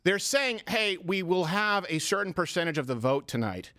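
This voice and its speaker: A man's voice: high-pitched, sing-song, normal speed, sharp tone, no echo, studio quality. An American man, a comedian hosting a live stream, chatting and joking in a rambling way with many restarts. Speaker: comedian and show host. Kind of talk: casual political chat on a live stream.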